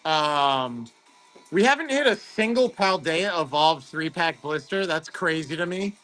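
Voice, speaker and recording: Upbeat male stream host, high bright voice, chatty, faint music behind. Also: a little slow. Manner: excitable, chatty, greets viewers by name. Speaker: host of a card-opening livestream. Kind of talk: casual livestream chat.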